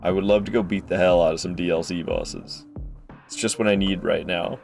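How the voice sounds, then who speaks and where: A man's voice: low voice, steady tone, brisk, creaky, a little mellow, soft background music. A young man streamer chatting through live gameplay, frustrated and swearing, talking to his chat. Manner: talks to chat.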